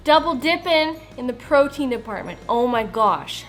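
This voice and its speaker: A woman's voice: high-pitched, animated, normal speed, hardly any pauses, fairly bright tone, faint music behind. A woman chatting casually in a home cooking vlog, bubbly and gushing over her meals. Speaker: food vlogger.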